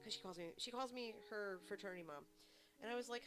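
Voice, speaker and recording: A woman game streamer chatting casually to her viewers and telling stories in an animated way. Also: a little high, quick pace. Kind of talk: casual chat. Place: home streaming setup. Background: background music.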